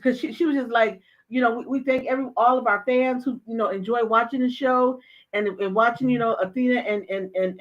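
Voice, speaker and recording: Woman host, casual and emphatic, repeats herself for effect; dull lo-fi audio. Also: fairly high pitch. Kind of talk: casual chat.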